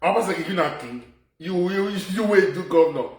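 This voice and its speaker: A man with a Nigerian Pidgin accent rants in a loud, animated commentary with a high-pitched voice. He sits back from the mic in an echoey room, so his voice bounces around him. He repeats phrases as he drives his points home. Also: brisk, recorded from a distance. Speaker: social media commentator. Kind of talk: ranting live video commentary.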